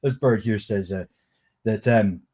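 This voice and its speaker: A man's voice: lowish voice, measured pace, mellow, breathy edge. A man with a Scottish accent doing a sweary, scornful casual rant on a live stream, laughing often. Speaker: livestream commentator.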